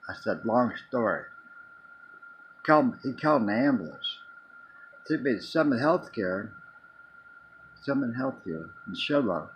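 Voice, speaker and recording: A man's voice: medium pitch, big pitch swings, unhurried, long pauses, slight background noise, poor audio. A man casually telling a long personal story in a rambling way, restarting and repeating words as he goes. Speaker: vlogger.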